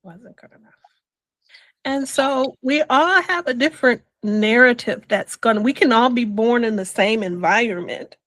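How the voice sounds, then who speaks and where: As an interview guest, an older woman slowly and reflectively tells her personal story, whispering the words she quotes. Her voice is a little high and a bit bright, and the low-quality recording has no echo.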